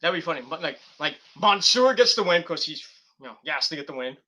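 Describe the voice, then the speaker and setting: A fast-talking man with a bright, pushed voice on the high side sounds animated as he reviews a wrestling show. His commentary is loose and rambling, with giggles and restarted sentences.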